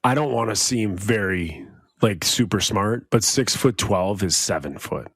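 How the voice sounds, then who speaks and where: A man's voice: lowish voice, expressive, unhurried, a bit bright, breathy edge, dry recording. A man co-hosting a casual podcast, laid-back and joking, laughing often. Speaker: podcast co-host.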